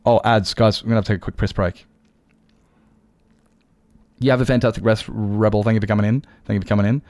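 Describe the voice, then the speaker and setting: A man's voice: on the low side, steady tone, fast talker, a little mellow, no room sound. A male livestreamer in casual chat with viewers, rambling and candid, swearing freely as he talks.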